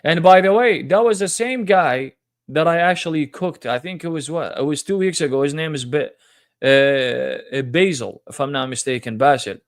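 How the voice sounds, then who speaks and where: Man, debate stream host, slightly high voice, confrontational, mocking. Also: normal speed, dry recording, clean studio sound. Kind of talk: live-streamed religious debate.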